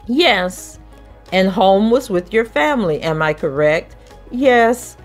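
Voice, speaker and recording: A woman reads a trial transcript aloud in a mid-range voice. She takes the questioning lines in a measured, even manner. Soft music plays faintly underneath. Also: medium pitch. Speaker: podcast host reading court testimony.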